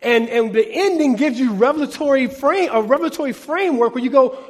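A man's voice: very high voice, brisk, long reverb tail. A middle-aged man preaching a sermon to his church, animatedly acting out biblical dialogue. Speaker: pastor.

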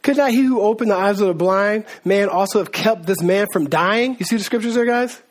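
A man's voice: high-pitched, fairly quick. A man giving a conversational Bible teaching, talking informally with slang and calling his listeners guys, and acting out voices from the story. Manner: acts out voices of biblical figures. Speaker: preacher.

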